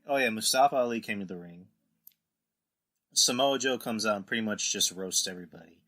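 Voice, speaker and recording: A man's voice: fairly low pitch, fairly quick, pushed and bright. A man hosting a casual podcast, rambling through recaps and acting out quotes in put-on voices. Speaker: podcast host. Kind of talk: casual wrestling podcast chat.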